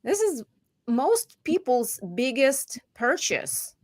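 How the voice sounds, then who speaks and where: A woman real estate agent chatting casually about home buying, animated and voicing her clients' lines. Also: high-pitched, slow, no room sound, studio quality. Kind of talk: casual chat.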